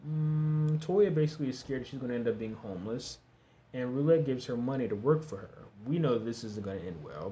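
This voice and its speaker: Regular guy breaking down last night's episode, middle pitch, easygoing and rambling, faint hum behind him. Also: dark tone. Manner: chatty and loose, with frequent fillers and restarts; candid, with some slang. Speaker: TV episode reviewer. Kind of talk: casual episode recap.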